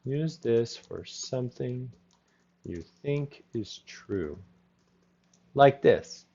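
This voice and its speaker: Male English teacher, very slow and sing-song, patient repetition, dull lo-fi sound. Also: mid-range voice, expressive, creaky, mellow, slightly rough. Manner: slow, repetitive drilling with brief Spanish asides. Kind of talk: live online class. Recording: dull lo-fi audio.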